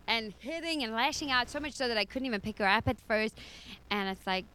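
A woman's voice: high voice, brisk, hardly any pauses, fairly bright tone, clean tone, no echo, low-quality recording. A middle-aged woman giving a personal faith testimony as a foster mother, telling her story expressively and laughing often.

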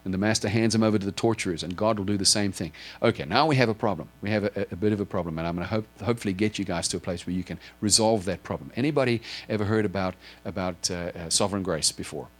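Earnest low-voiced male preacher. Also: racing, few pauses. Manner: earnest, questioning the congregation directly; explains with a drawn board, asks if listeners follow. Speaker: pastor. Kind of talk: sermon.

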